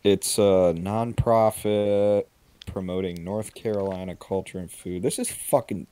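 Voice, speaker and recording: A man's voice: on the low side, steady tone, measured pace, mellow, clear, resonant tone. A man co-hosting a podcast, chatting casually over a call, rambling and swearing freely. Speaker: podcast co-host. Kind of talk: casual chat. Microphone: video call.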